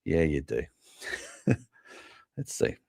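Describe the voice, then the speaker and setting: A man's voice: very deep voice, big pitch swings, slow, creaky, a little mellow, slightly rough. A middle-aged man with an English accent, hosting a toy show in a loose, rambling live chat, thinking aloud and amused at himself. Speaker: toy podcast host. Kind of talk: casual live-stream chat.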